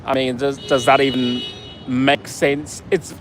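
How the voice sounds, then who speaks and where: A man's voice: medium pitch, level tone, unhurried, fairly bright tone, slight background noise, low-quality recording. A man telling a story in a profane, sarcastic rant, outdoors in a city. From United States. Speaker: vlogger. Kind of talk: casual ranting storytelling.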